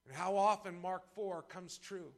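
A man preaching a sermon in church, impassioned and playful with the congregation, swinging from shouts to hushed lows. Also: fairly even intonation, unhurried. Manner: impassioned, rising to shouts, then dropping low. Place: church service before a congregation.

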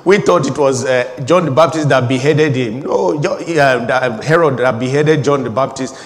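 A man's voice: mid-range voice, moderate pace, in a large hall. A man in his forties preaching a sermon, emphatic and repetitive, building in intensity. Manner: emphatic, repeating phrases, rising intensity.

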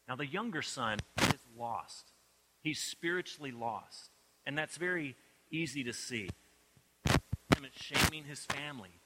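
A man preaching a sermon, telling a story expressively and shifting between soft, low passages and emphatic ones. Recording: clicking noise in the background.

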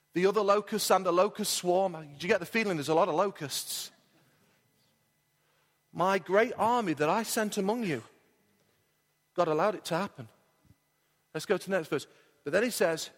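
A male pastor preaching with a high-pitched voice that swells with emphasis and slows on his key phrases. His words ring out with a long reverb from a church hall. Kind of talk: sermon.

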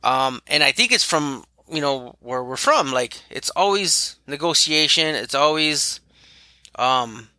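A man's voice: fairly high pitch, expressive, slow pace, pushed and bright, no room sound. A man who runs an auto repair shop, telling stories in a loose, rambling way. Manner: loose, rambling, with frequent restarts. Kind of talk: casual storytelling chat.

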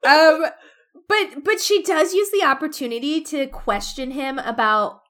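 Bright, animated young woman chatting. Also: high voice, a little slow. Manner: animated, laughing, swears casually. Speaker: podcast co-host. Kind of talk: casual book discussion.

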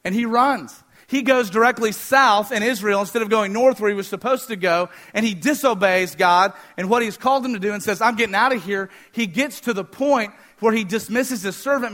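A man preaching a sermon, fast-talking, energetic and joking with the congregation. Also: sits high. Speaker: pastor.

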